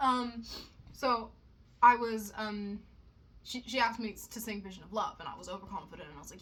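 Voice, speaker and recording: Young woman, slightly high voice, rambling casual vlog, salty language, self-deprecating, faint room noise behind. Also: lively intonation, normal speed, pauses often, a bit bright. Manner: chatty, swears a lot, self-mocking asides. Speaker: vlogger.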